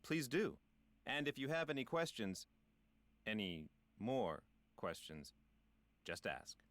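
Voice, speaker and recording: A man's voice: mid-range voice, very animated, slow pace, fairly bright tone, no room sound. A middle-aged man voicing a self-important, folksy park ranger in a video game, with a drawling, punny delivery. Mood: knowing.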